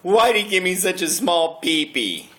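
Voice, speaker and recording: A man's voice: high voice, sing-song, moderate pace, pushed and bright, pitched above the performer's own voice, heavily acted. A man putting on the voice of a shy, weepy young college man who whines and sobs. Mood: whimpering.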